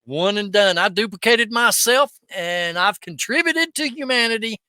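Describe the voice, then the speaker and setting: A middle-aged man with a high, bright, ringing voice. He jokes and tells stories with lively energy. The sound is close and dry. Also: normal speed, smooth, no echo. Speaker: podcast co-host. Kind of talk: casual chat.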